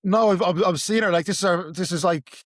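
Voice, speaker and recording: A man with a Dublin Irish accent, chatting casually on a podcast, teasing his friends with halting restarts. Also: high voice, no room sound, clean studio sound. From Dublin, Ireland. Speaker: podcast guest. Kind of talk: casual chat.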